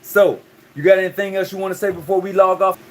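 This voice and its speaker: A man's voice: high-pitched, steady tone, fast, slight background noise. A man hosting a call-in talk show, talking loosely and often repeating his words.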